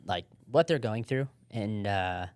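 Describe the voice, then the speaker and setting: A young man co-hosting a podcast, telling stories in a relaxed, rambling way. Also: fairly low pitch, measured pace. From Southern California. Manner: relaxed, rambling storytelling with laughs. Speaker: podcast co-host. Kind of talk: casual chat.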